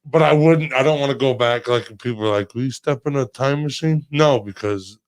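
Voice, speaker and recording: A man's voice: medium pitch, fairly quick. A man in his twenties, co-hosting a casual podcast chat, blunt and swearing freely. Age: 20s.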